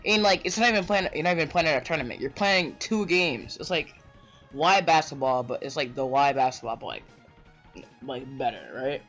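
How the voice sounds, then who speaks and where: A man's voice: on the high side, a little fast, fairly bright tone. A man ranting casually to camera, rambling and tagging his sentences with "bro" and "right?". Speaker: vlogger. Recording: dull lo-fi mic with faint music.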